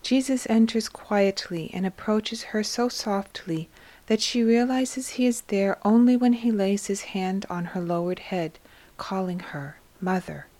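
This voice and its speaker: A woman reading a devotional story aloud in a slow, soft, reverent scripted narration. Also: medium pitch. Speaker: reader of devotional text.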